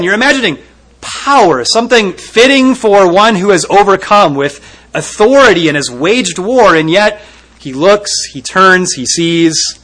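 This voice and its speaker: A man preaching a sermon, retelling a scripture scene vividly and rising to loud emphasis at its peaks. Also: a little high, low-quality recording.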